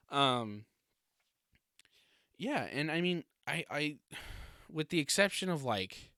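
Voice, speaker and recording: A man's voice: a little high, animated, takes it slowly, pauses often, sharp tone, dry recording, clean studio sound. Man chatting casually on a podcast. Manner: rambling, swears freely, laughs often. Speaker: podcast host. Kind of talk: casual solo podcast chat.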